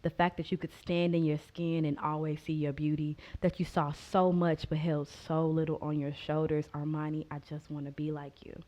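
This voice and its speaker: Earnest woman poet with a lowish voice. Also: level tone, moderate pace, hardly any pauses, muffled recording. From Oklahoma. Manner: heartfelt, earnest, and loud with laughter when chatting. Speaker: spoken word poet, guest. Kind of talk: spoken word poetry and casual talk.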